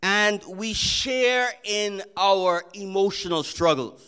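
A pastor raised in Jamaica and Trinidad, giving an earnest, conversational welcome and announcements in a church. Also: male voice, fairly high pitch, takes it slowly, fairly bright tone.

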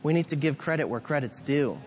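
A male pastor giving a sermon, telling stories with lively acted-out asides. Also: on the high side, a little fast. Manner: storytelling with animated quoted asides. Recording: reverberant hall, dull lo-fi sound.

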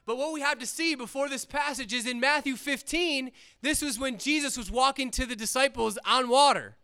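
A man with a very high, bright and crisply clear voice preaches to a young audience. He retells old stories in plain everyday words, earnest and conversational. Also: normal speed. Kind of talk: casual sermon retelling scripture.

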